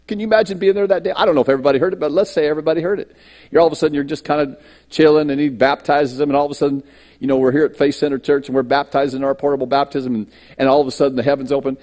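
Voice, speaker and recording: A man's voice: medium pitch, a little mellow. A man pastor delivering a sermon at a church service, reading scripture and preaching with dramatic swings in his voice. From United States.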